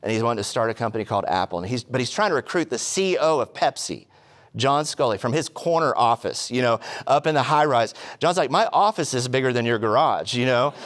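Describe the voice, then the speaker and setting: A man preaching a sermon, telling stories with quick humorous asides and rhetorical questions. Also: mid-range voice. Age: adult, past college. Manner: animated storytelling with asides. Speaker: pastor.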